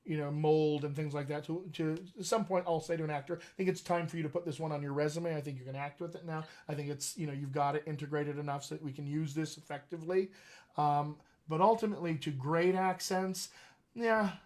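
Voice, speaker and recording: A chatty male dialect coach hosting a live online Q&A. His voice sits a little high for a man, and he talks in an animated way, laughing often as he answers questions. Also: brisk. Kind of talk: casual live-stream chat.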